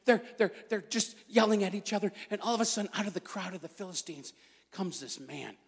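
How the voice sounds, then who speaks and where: A man's voice: high-pitched, lively intonation, fairly quick, creaky, noisy background. A man giving a sermon in a church, joking at his own expense in a conversational manner. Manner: jokey, self-deprecating, conversational. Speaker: guest preacher. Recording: echoey hall.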